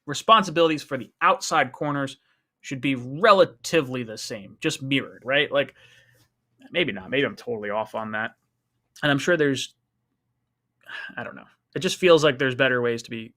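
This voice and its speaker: A man hosts a live fan stream in casual, rambling talk. His voice is bright and forward. He gets animated and restarts his sentences often. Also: mid-range voice. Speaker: host of a fan call-in stream.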